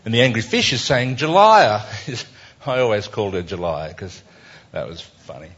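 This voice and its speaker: A man's voice: lowish voice, animated, a little fast, fairly bright tone, husky. A man with an Australian accent, a cartoonist talking an audience through his cartoons in a wry, chatty, self-mocking way. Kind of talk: casual live talk to an audience. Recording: dull lo-fi recording.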